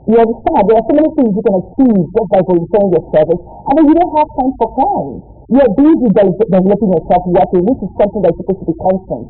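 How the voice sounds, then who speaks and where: A woman's voice: medium pitch, lively intonation, quick pace, hardly any pauses, a little hiss or hum. Emphatic woman on tinny radio. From Nigeria. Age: young adult. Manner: emphatic, preachy, repeats lines for stress. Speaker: guest, motivational speaker. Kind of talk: impassioned interview talk. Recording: distant, tinny phone-like radio sound.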